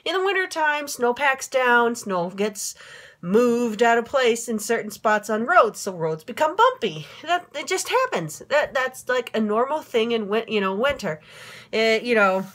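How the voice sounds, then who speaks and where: A middle-aged woman from Minnesota vents to a handheld camera in a casual vlog. Her voice sits a little high, and she talks in a rambling way, full of fillers, restarts and swearing. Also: big pitch swings, a little slow, a bit bright. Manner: rambling, swearing, frequent fillers and self-corrections. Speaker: vlogger. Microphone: handheld phone camera, no tripod.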